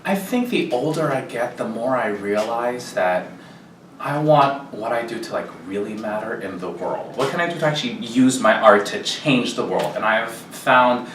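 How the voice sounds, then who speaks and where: A man, a guest performer, chatting casually and telling stories at a quick clip. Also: mid-range voice, lively intonation, a bit bright, distant mic, a little hiss or hum. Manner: fast, chatty storytelling. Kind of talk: casual chat and singing. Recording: roomy, from the mic, with piano.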